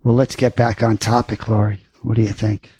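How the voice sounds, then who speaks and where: A man's voice: lowish voice, level tone, fairly quick, mellow, slightly rough, no room sound. A man co-hosting a podcast as a therapist, talking in an encouraging, easygoing way. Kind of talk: casual podcast chat.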